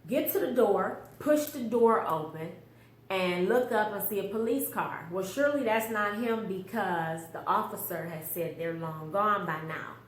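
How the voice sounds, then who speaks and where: A woman's voice: mid-range voice, measured pace. A middle-aged mother giving an earnest, emotional personal testimony, often quoting the voices she heard. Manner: emotional, earnest storytelling with quoted inner voices. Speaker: mother telling a personal story. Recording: roomy echo with faint background hum.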